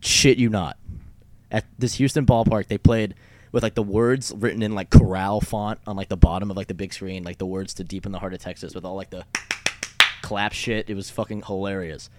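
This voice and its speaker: A man's voice: on the low side, steady tone, a little fast, darkish tone. A young man from Canada chatting casually, rambling and swearing a lot with frequent laughs. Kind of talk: casual chat.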